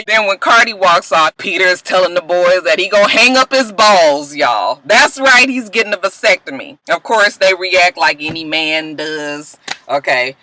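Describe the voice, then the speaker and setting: A woman's voice: sits low, normal speed, bright, forceful tone, slight background noise, poor audio. A woman recapping a reality show in casual, profane, sassy commentary, laughing often. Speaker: reality TV reviewer.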